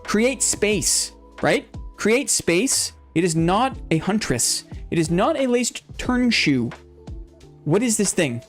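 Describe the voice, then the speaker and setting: A man's voice: high voice, big pitch swings, slow, faint music behind. A man hosting a live game stream, playfully teasing his chat and calling in-game fights like an announcer. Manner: builds hype like a fight announcer.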